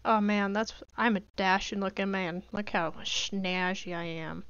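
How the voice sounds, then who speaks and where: This unhurried woman speaks at medium pitch with fairly even intonation and a fairly bright, clear, resonant tone, captured dry with the highs cut off. As a gaming video creator, she chats and jokes to herself through a casual let's-play, pleading in jest.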